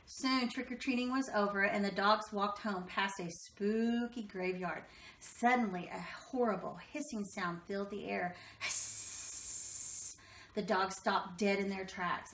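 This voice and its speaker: A woman reading a children's picture book aloud, expressive and slowing down for dramatic moments. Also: mid-range voice, a little hiss or hum. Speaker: storybook reader. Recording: echoey room.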